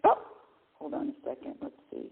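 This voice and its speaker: A woman hosting a call-in radio show, talking in an emphatic way and often repeating her words. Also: moderate pace. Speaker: radio host. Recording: tinny phone-line sound.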